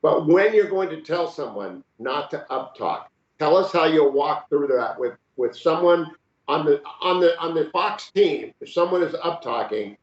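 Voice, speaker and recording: A man's voice: a little high, animated, a little slow. A man in his sixties hosting an interview, steering the talk with direct questions. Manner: steering, direct, gives pointed follow-up questions. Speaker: host. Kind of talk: conversational interview. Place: room, remote video call. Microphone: video call mic. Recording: roomy, dull video call audio.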